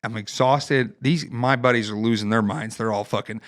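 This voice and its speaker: An Ohio man, a fighter and Marine veteran appearing as a podcast guest, chats casually and tells stories in a profane, lively way, acting out the quotes. His voice is mid-range and his pace moderate.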